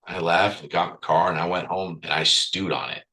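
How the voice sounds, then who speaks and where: A man's voice: low-pitched, steady tone, fairly quick, sharp tone, rough recording. A man speaking as a podcast guest, telling a candid personal story bluntly, swearing freely and with raw emotion.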